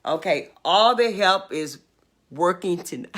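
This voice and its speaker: An older woman chats on her home livestream, announcing events and pitching her wares. She speaks slowly and emphatically, stretching out her words. Her voice is bright and lively, rising and falling a lot. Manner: emphatic, drawn-out, animated selling and urging. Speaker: livestream host. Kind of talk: casual livestream chat and announcements.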